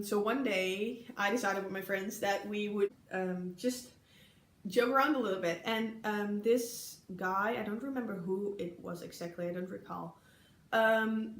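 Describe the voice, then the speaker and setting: A woman's voice: medium pitch, normal speed. A young woman from the Netherlands with a Dutch accent, casually telling funny stories from her exchange year, chatty and giggly with many ums. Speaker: vlogger recalling an exchange year. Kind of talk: casual storytelling to camera. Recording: echoey room.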